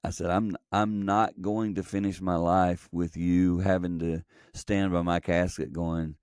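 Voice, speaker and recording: A man's voice: low voice, flat delivery, unhurried, a little mellow, clean tone, no room sound, clean studio sound. A middle-aged man telling a personal story earnestly, acting out quoted dialogue, as a podcast guest. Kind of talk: conversational storytelling.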